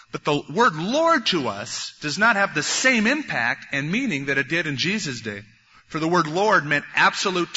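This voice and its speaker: A man preaching a sermon, animated, acting out the voices of biblical figures as he goes. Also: fairly high pitch, slightly rough. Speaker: pastor. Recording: dull lo-fi recording in a reverberant hall.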